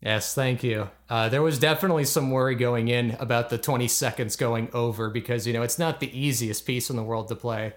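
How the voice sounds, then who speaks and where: A man's voice: medium pitch, fairly even intonation, brisk, few pauses. A man talking about his music in a modest, reflective way, with fillers as he thinks. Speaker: composer. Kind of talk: casual interview talk.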